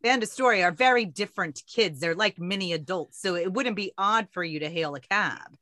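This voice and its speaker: A woman's voice: mid-range voice, bright, forceful tone, no echo. A woman hosting a podcast, chatting casually and encouragingly with her guest. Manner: encouraging, quick to laugh. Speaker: podcast host. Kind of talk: casual interview chat. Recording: dry close recording.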